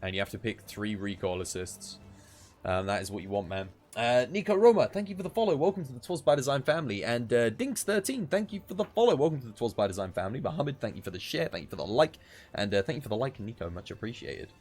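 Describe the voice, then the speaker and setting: A man's voice: medium pitch, lively intonation, fast talker, darkish tone. A tired man, chatting casually while live-streaming a game and giving gear advice. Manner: chatty, laid-back, gives gear advice.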